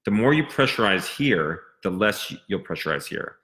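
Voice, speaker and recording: A man teaching a singing lesson, explaining diction and stressing crisp consonants. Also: fairly low pitch, sing-song, normal speed, a bit bright.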